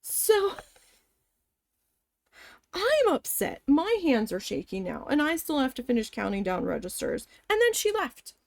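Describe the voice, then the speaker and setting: A woman's voice: high voice, very animated, fairly quick, creaky, hardly any pauses, no echo, studio quality. A woman chatting casually while she embroiders, telling a long story in a rambling, profane way with lots of fillers. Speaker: craft vlogger.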